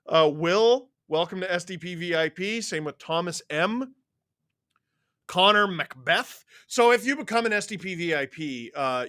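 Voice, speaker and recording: A man hosting a live watchalong stream, excitedly reading out viewer names and swearing freely. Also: a little high, no room sound, clean studio sound.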